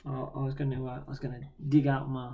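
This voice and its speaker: A man's voice: mid-range voice, monotone, quick pace, gravelly, crowd noise. A man, co-hosting a podcast in laid-back casual chat, swearing now and then. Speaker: podcast co-host.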